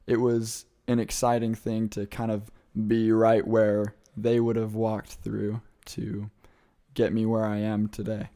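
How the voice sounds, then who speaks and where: A man's voice: fairly low pitch, completely flat delivery, a little slow, dark tone. A young man answering interview questions about his missionary service, speaking thoughtfully and searching for words.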